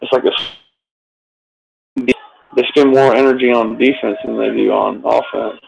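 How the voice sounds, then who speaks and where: A middle-aged man in rambling, profane casual chat who keeps repeating himself and tacking on "man", and shouts at televised football. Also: medium pitch, unhurried, vocal fry, lo-fi sound, a little hiss or hum. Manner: yells excitedly at a football game on TV.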